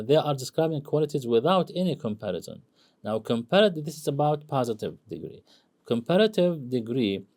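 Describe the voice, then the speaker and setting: Halting lecturer, mellow. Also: male voice, mid-range voice. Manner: halting, full of fillers and self-corrections. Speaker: university English lecturer. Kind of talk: recorded lecture on grammar.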